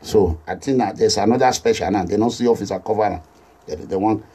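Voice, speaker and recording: A political activist with a Nigerian accent makes an impassioned social media appeal, animated and repetitive, slipping into Pidgin English. His lowish voice is husky and brisk, recorded on a phone or camera selfie video.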